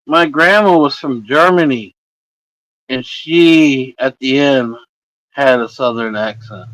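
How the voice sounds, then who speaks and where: A man's voice: medium pitch, slow pace, fairly bright tone, no room sound, poor audio. A man in his forties from Indiana hosting a livestream, chatting loosely with his viewers, rambling and swearing constantly. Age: 40s. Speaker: livestream host. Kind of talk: casual chat with viewers. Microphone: streaming setup microphone.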